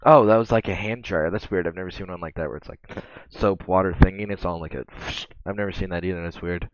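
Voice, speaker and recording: Low-voiced excitable male streamer. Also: fast talker. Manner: excitable, swears a lot, bursts into laughter. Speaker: streamer reacting to meme videos. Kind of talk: casual reaction commentary. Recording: dull lo-fi mic.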